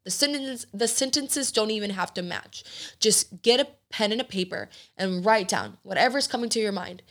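A woman's voice: mid-range voice, lively intonation, moderate pace. A woman in her late twenties hosting a podcast, talking candidly and with emotion, swearing casually. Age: 20s. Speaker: podcast host. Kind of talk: candid personal talk.

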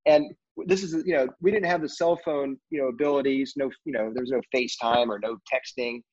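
A middle-aged man spins a casual, meandering story, pausing often on fillers and restarts. His voice sits at an ordinary pitch for a man. The recording is a bit dull and lo-fi. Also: fairly even intonation, darkish tone. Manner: rambling, heavy on fillers like "you know". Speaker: film crew guest.

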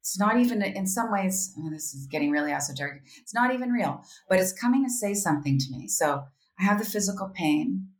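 A woman's voice: mid-range voice, a little fast, hardly any pauses. A woman talking as a podcast guest, candid and reflective, often quoting her own inner voice. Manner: candid, reflective, animated, with quoted self-talk. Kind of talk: casual interview conversation. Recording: roomy echo.

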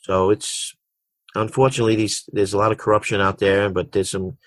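A man's voice: on the low side, little pitch movement, brisk, a bit bright, no echo. A middle-aged man, a basketball coach, answering interview questions with frequent restarts and repeated words. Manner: repeats words and restarts often, tells anecdotes.

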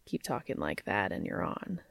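A woman reading aloud, voicing a sleepy, dry-witted grown man in low, drowsy tones. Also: sing-song, moderate pace, creaky, a bit bright, no room sound, heavily acted.

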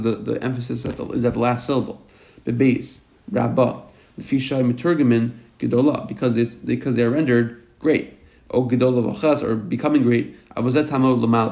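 Male Torah teacher, gravelly voice, mid pitch, reads Hebrew and translates with halting restarts. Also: darkish tone. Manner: halting, repeats and self-corrects. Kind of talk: reading Hebrew text aloud and translating line by line.

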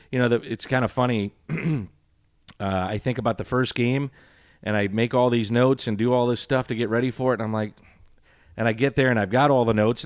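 A middle-aged man who talks in a loose, rambling way with a dry, sarcastic edge. He is a sports broadcaster answering an interviewer's questions. His voice sits fairly low and the recording is dry and close. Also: no room sound.

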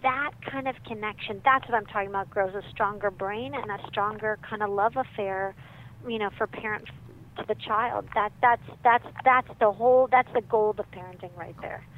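A woman joins by phone, so her voice comes through thin and tinny with a faint hiss behind it. She speaks with animated emphasis and acts out the people she quotes. Her pitch sits in a middle range. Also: moderate pace. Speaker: guest parenting author. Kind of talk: interview on parenting. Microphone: phone line.

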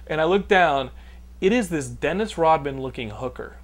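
Man in his thirties, from Texas, podcast host, casual profane storytelling, laughs a lot, slightly high voice. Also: fairly quick, a little hiss or hum. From Austin, Texas. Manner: animated, laughs often, swears freely.

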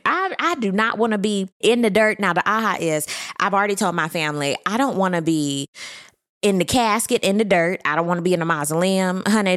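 A woman's voice: mid-range voice, a bit bright. A woman in her thirties hosting a casual recap vlog, sassy and full of 'honey' and 'baby'. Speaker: host.

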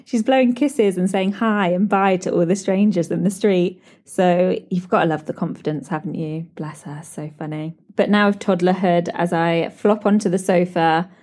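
A British woman hosting a podcast, telling animated stories with lots of laughs. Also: on the low side, normal speed, few pauses. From Britain. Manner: animated storytelling with frequent laughs and "like". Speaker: podcast host. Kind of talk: chatty solo podcast catch-up.

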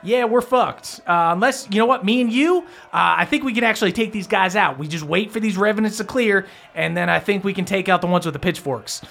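A man voicing a panicky, foul-mouthed vampire man who talks fast and excitably. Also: high-pitched, vocal fry, pitched above the performer's own voice. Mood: scheming.

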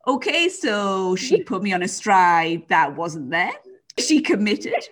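A woman's voice: medium pitch, huge pitch swings, a little slow, fairly bright tone, husky, pitched below the performer's own voice, exaggerated voice. Woman doing a blunt foreign show-jumping pony. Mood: deadpan.

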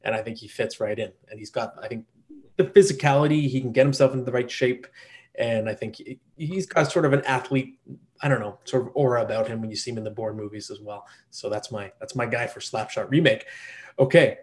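A man's voice: medium pitch, fairly quick. A man hosting a podcast in casual chat, firing light quiz questions at his co-hosts. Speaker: podcast host.

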